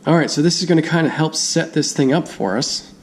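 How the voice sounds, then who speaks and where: A man's voice: fairly high pitch, fairly quick, a little hiss or hum. A man giving a casual hands-on product review, chatty, thinking aloud and laughing easily.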